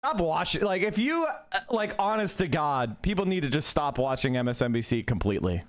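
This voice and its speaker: A man reacting to a news clip with angry commentary, profane and yelling insults at what he is watching. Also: a little high, big pitch swings, a little fast. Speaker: online reaction host.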